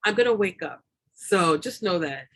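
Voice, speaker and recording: A woman's voice: fairly low pitch, animated, normal speed. Chatty woman guest, rambling with fillers. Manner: rambling, frequent fillers and repeated words, laughs often. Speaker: doula and lactation consultant, guest. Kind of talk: casual interview talk.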